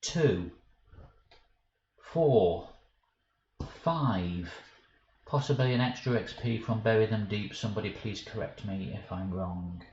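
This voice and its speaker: A man's voice: lowish voice, takes it slowly, pauses often, a little mellow. A man streaming a card game live, thinking aloud about his moves and flustered and self-mocking when he slips up. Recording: dull roomy stream audio with faint hiss.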